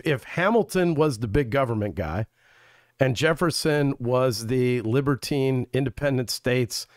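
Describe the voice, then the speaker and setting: A man's voice: medium pitch, no room sound, studio quality. Emphatic man telling political anecdotes. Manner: emphatic storyteller, quotes others in anecdotes. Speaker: Senate candidate, guest. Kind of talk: casual political chat.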